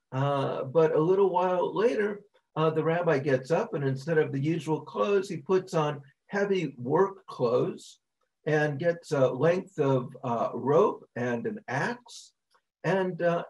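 A rabbi speaks slowly and unhurriedly as he tells a story to a class. His voice sits a little high for a man, and he pauses often with ums and uhs. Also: rough recording. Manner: halting, with frequent ums and uhs. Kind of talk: storytelling in a lecture.

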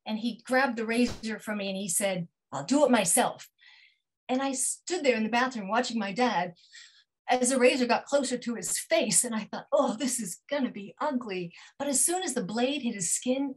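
A middle-aged woman telling a personal story over a video call, acting out dialogue with big jumps in pitch and sinking to a hush at tender moments. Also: expressive, moderate pace, rough recording. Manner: drops to a hushed near-whisper at tender moments. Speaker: featured storyteller.

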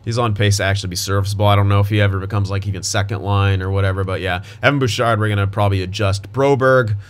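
Rambling man with a low voice. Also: flat delivery, fast. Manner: rambling, thinking aloud with frequent restarts. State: hiccuping with voice cracks. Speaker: gaming YouTuber. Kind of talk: casual gameplay commentary.

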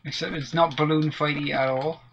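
A man's voice: a little high, steady tone, fairly quick, fairly bright tone, highs cut off. A man playing a video game alongside a friend, making dry, jokey quips. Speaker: co-player. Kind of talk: casual co-op let's play banter.

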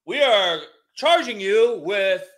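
A man's voice: high-pitched, animated, slow pace, a bit bright, exaggerated voice. A man doing a stiff, mock-formal judge.

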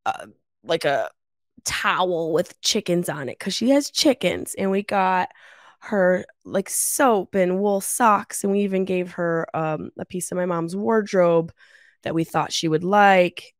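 A woman in her thirties hosting her own podcast with a stuffy nose from a cold, chatting in a lively, swearing, joking way from her mother's house on a travel mic. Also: fairly low pitch, measured pace, dry recording, studio quality. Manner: animated, swearing, laughing storyteller. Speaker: podcast host. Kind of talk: casual solo podcast chat. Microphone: travel mic without pop filter.

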